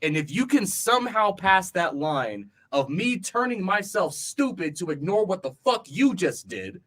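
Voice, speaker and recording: A man's voice: high voice, sing-song, a little slow, a bit bright. A man co-hosting a casual podcast chat, rambling with lots of fillers and laughing easily. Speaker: podcast co-host.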